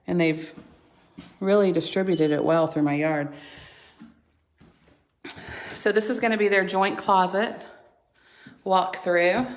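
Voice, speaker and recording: A woman giving a chatty, gushing home tour vlog inside a house under construction, filmed on a handheld phone. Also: mid-range voice. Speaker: homeowner vlogger.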